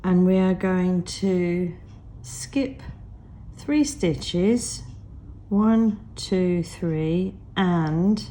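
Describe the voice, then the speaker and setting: A woman with a croaky voice from a cold walks through a crochet tutorial at a very slow, patient pace. Her tone is low and mellow, and she counts each stitch aloud. A faint background hiss sits under her voice. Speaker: crochet teacher. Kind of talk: step-by-step craft tutorial.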